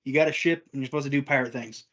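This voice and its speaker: A man's voice: medium pitch, racing, fairly bright tone, dull audio. A man co-hosting a casual podcast chat, telling a rambling anecdote and laughing often. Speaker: podcast co-host.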